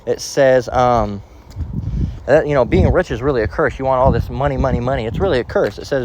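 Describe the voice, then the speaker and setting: A man teaching from the Bible in a casual way, out of breath as he walks outdoors and slowing down to read verses aloud. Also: mid-range voice, background noise. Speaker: preacher. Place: outdoors, walking near traffic.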